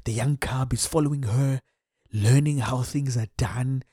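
A South African man tells a comic story with lots of energy, throwing in Xhosa exclamations as he goes. He sits at a middling pitch for a man. The sound is dry and close, with almost no room reverb. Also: a little slow, breathy edge. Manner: animated, mixes in Xhosa exclamations.

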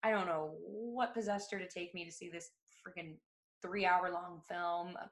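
A woman's voice: on the low side, fairly even intonation, moderate pace, reverberant. A woman in her thirties co-hosting a podcast, chatty and laughing as she tells stories and acts out quotes. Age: 30s. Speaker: podcast co-host. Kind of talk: casual chat.

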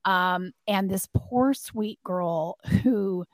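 Animated storytelling woman, dry mic. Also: medium pitch, extremely slow, dry recording. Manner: animated storyteller, acts out quotes. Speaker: podcast co-host. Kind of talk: casual chat.

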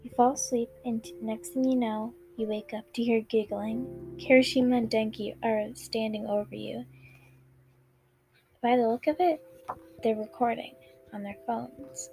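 A woman reading her own fan fiction aloud, halting and stuttering with many fillers, with music playing behind. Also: on the high side, steady tone, gravelly, mellow. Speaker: storyteller.

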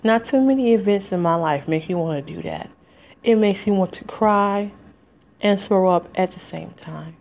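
A woman's voice: mid-range voice, moderate pace, vocal fry. A woman speaking in a heartfelt, rambling solo podcast monologue straight to her listeners. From United States. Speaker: podcast host. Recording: slightly dull lo-fi home recording.

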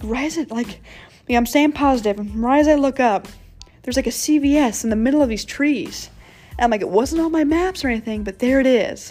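A young woman with a slightly high voice tells a story in a loose, rambling way. She keeps quoting herself and peppers her talk with fillers and the odd curse. Soft music plays faintly behind her. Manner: rambling, frequent "like" and "I'm like" quotes, swears casually. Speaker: podcast host. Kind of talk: casual storytelling monologue.

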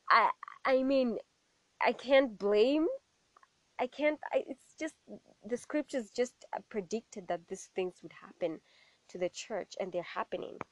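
A young adult woman giving a personal faith testimony in an animated storytelling way, acting out what other people said to her. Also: fairly high pitch, dry recording. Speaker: testimony speaker.

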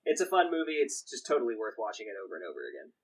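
A man's voice: lowish voice, wildly swooping pitch, very fast, slightly rough, rough recording. A young man co-hosting a podcast, chatting casually about a movie he loves, rambling with restarts and quoting lines. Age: young adult. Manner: rambling with many restarts and quoted asides. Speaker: podcast co-host. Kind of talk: casual film chat.

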